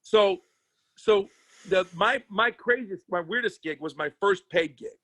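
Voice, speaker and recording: Comedian guest, male; high, bright, very dry voice; rambling, profane, acts out the characters in his stories. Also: a little slow, no room sound. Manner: animated, profane storyteller acting out other people's voices. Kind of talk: casual storytelling chat. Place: podcast studio.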